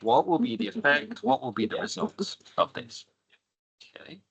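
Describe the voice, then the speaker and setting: A man's voice: medium pitch, expressive, normal speed, fairly bright tone, a little hiss or hum, rough recording. A man teaching an online English grammar lesson, patiently explaining and asking rhetorical questions.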